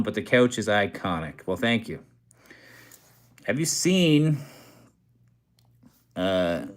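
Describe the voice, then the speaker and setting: A tired young man from Canada chats casually on a livestream from a hotel room, his voice sitting on the low side. He rambles with plenty of fillers and pokes fun at himself as he answers viewers' comments. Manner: loose, self-deprecating, rambling with many fillers. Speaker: true crime comedy channel host.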